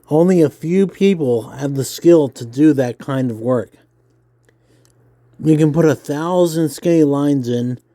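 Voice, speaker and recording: A man's voice: medium pitch, no room sound, clean studio sound. Nerdy-sounding man reading aloud. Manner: self-described nerdy voice, relaxed with fillers. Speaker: comics vlogger. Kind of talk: casual reading aloud while drawing.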